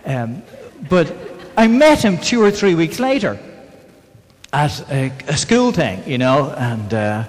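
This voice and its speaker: A man's voice: a little high, big pitch swings, slow. A man preaching a sermon in a conversational way, often asking the congregation questions. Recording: long reverb in a church hall.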